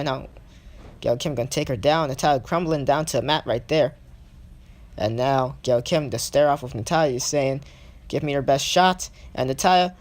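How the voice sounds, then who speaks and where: Casual young man calling game action. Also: on the high side. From not British. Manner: hesitant, self-correcting, thinks aloud. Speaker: play-by-play commentator for his own video game series. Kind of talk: casual solo game commentary.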